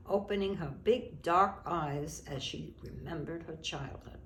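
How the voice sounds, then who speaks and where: An older woman from Brooklyn reading her childhood memoir aloud in a gentle, reminiscing way. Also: low voice, unhurried, hardly any pauses. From Brooklyn, New York. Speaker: memoir narrator. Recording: roomy echo, faint background noise.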